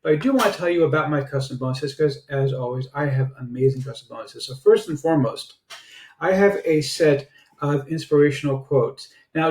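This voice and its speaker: A man giving a casual product review and sales pitch, chatty and sprinkled with filler "uh"s. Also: a little mellow. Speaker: online marketer reviewing software. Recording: roomy echo.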